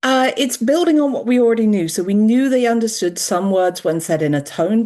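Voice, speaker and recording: A woman's voice: on the low side, a little mellow. Woman researcher, upbeat explainer, guest on a talk show. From United Kingdom. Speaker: dog behavior researcher. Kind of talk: remote interview guest.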